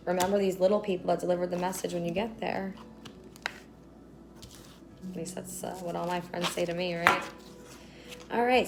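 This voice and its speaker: A woman's voice: lowish voice, low-quality recording. A woman giving a casual tarot reading to her viewers, loose, profane and affirming. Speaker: tarot reader. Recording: music playing under the voice.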